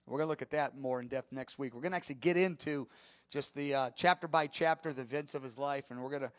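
A man preaching a sermon as a Bible teacher, telling the story with animated swings from soft to emphatic. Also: medium pitch, fast talker, dry recording.

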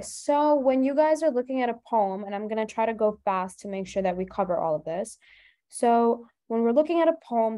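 A woman tutor teaching an online webinar, explaining briskly and asking rhetorical questions as she goes. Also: on the high side, warm tone.

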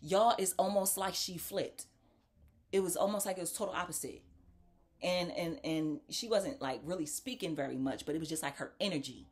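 Speaking at a normal pace in a lowish voice, a woman talk show host shares a casual story straight to her viewers, calling them "y'all." She's animated and performs the voices of the people in the tale.

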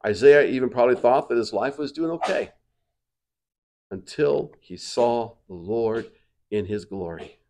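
A male pastor preaching a sermon, swinging between quiet reflective passages and loud, emphatic declarations. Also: medium pitch, animated, a little slow, slight background noise. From United States.

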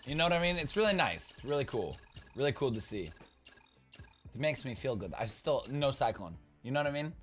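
Bright, lively young man rambling over gameplay. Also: medium pitch, fairly quick, faint music behind. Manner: rambling, joking, swings into loud playful outbursts. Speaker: gaming YouTuber. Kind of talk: casual gaming commentary.

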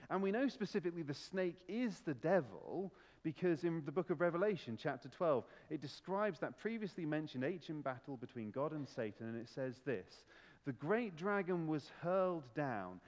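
Man, pastor, church sermon, emphatic, lively pitch, long hall echo. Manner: animated, emphatic, rhetorical questions.

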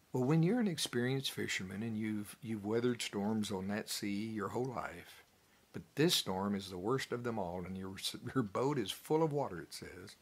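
A pastor delivers a sermon in a low, somewhat husky voice. He preaches in a folksy, animated way, chuckling now and then as he works through the passage. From United States. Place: church.

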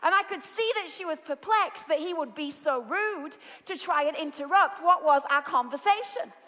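A British woman preaching a sermon, telling stories with lively energy and rising to shouts. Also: high-pitched, moderate pace. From Britain. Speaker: pastor. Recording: large hall with long reverb.

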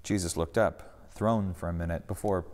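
A man narrating a story in an expressive, storytelling way during a church service. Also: low-pitched, moderate pace, long reverb tail. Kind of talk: scripted narration.

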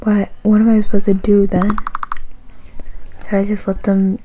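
A woman's voice: mid-range voice, monotone, moderate pace, noisy background, lightly acted. A woman reading aloud as a scared, lonely child, in a hesitant, worried voice. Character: scared lonely child left alone at home. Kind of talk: reading game dialogue aloud.

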